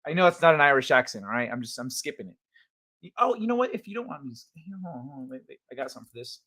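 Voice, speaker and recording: A man's voice: medium pitch, expressive, very fast, bright, forceful tone. A man hosting a casual livestream from home on a desk mic, reading chat aloud and joking crudely, rambling with restarts. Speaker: livestream host. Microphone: desk microphone.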